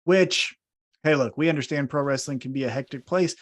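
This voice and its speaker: A man's voice: a little high, a little fast. A man co-hosting a wrestling podcast, recapping segments like a story with wry asides and questions. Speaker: podcast co-host. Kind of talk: casual wrestling recap narration.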